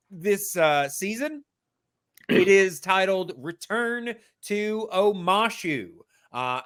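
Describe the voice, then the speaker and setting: A man's voice: on the high side, fairly bright tone. A man hosting a podcast in casual chat, thinking aloud and explaining at length. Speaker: podcast host.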